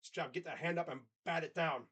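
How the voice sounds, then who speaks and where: Man, slightly high voice, livestream game caller, casual chat between excited play calls. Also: quick pace, slightly rough. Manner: casual, chatty, reads and answers live chat; excited play calls mixed with low asides. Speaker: sports streamer. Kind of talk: live play-by-play reaction stream.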